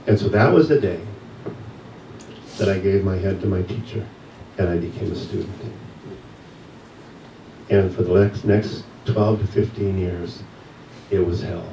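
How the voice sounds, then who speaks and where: A man's voice: low voice, muffled recording, slight background noise. Man telling a story in an echoey hall. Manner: storytelling with pauses and soft laughs. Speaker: guest speaker, yoga teacher. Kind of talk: personal story in a church message. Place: church sanctuary. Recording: echoey hall, mic from a distance.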